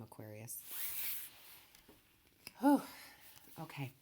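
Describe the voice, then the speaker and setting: A woman giving a tarot reading, who talks softly and reassuringly and keeps checking in with "okay". She is emotional and close to tears, and her voice stays low and quiet. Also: flat delivery, a little slow, slight background noise. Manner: soft-spoken, emotional, reassuring, says okay often. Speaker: tarot reader.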